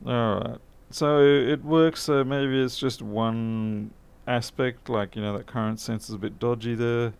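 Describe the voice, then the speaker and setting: A man's voice: medium pitch, fairly even intonation, a little slow, creaky, hardly any pauses, clear, resonant tone. A man talking casually to camera while repairing a laptop in his workshop, chatty and self-mocking, muttering as he works. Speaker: electronics repair technician. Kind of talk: casual workbench commentary.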